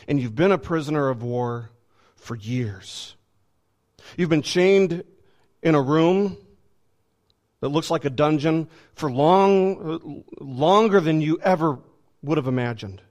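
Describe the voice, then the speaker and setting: Emphatic male preacher, higher voice. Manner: emphatic, repeats words while building a point. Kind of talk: sermon.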